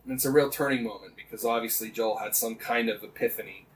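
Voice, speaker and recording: A man's voice: medium pitch, steady tone, quick pace, distant mic, a crowd in the background, rough recording. Rambling, swearing man on a podcast. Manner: rambling, swears often, many fillers and restarts. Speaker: podcast co-host. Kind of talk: casual podcast chat retelling a game story.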